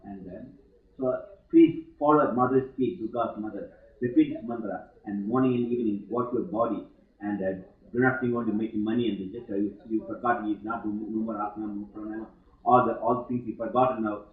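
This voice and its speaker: A middle-aged man giving a spiritual talk to students, halting and full of fillers, with sudden emphatic stresses. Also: fairly low pitch, steady tone. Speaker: yoga teacher giving a talk. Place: ashram hall. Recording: old archive tape, echoey hall, tinny thin sound.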